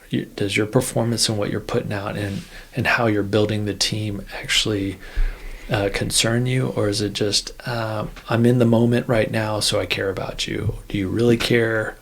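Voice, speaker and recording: A man's voice: fairly low pitch, steady tone, normal speed, vocal fry, a little hiss or hum. A man, a former Air Force officer, tells a story in a casual interview, rambling with many restarts. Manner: rambling, full of "you know" and restarts.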